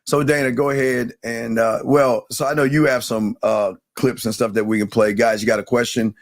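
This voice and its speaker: A man's voice: medium pitch, little pitch movement, normal speed, dry recording, studio quality. A man hosting a live call-in show, quizzing callers and cutting them off when they ramble. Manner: bossy, impatient with callers.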